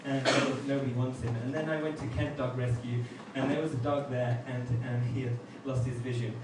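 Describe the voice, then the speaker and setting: A man doing a stand-up comedy set, telling deadpan one-liners with pauses for laughs. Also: medium pitch. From outside England. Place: comedy club stage with audience laughter. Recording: echoey club from far off, noisy.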